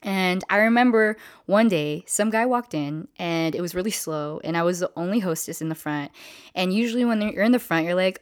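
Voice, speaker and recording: A woman's voice: fairly low pitch, brisk, dry recording, clean studio sound. A woman telling a casual story, slangy and freely profane, who acts out the people she quotes.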